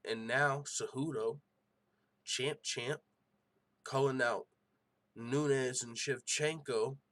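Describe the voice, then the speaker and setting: A young man hosts a casual MMA podcast, ranting about fights with excitable, profane energy. His voice sits at an ordinary middle pitch, and he keeps the talk loose and conversational. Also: takes it slowly. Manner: animated, profane, excitable rants. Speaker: MMA show host.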